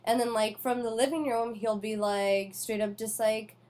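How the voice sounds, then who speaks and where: A woman hosting a casual chat, talking in an animated, chatty way full of fillers. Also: fairly high pitch, normal speed.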